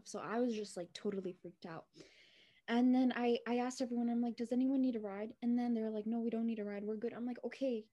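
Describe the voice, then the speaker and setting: Young woman cohost, high voice, chatty storytelling, acts out all the quotes. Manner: animated, acts out quoted dialogue. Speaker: podcast co-host. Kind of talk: casual storytelling.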